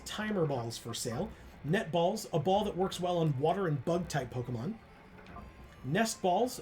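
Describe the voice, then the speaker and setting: Lively woman reading game text aloud. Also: fairly low pitch. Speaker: co-host of a game playthrough. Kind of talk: casual chat while playing.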